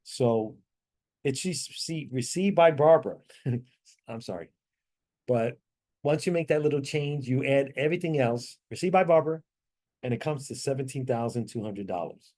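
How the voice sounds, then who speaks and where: A man leading a tax training class over a video call, explaining answers step by step with frequent fillers and quick apologies. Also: medium pitch, expressive, a little mellow.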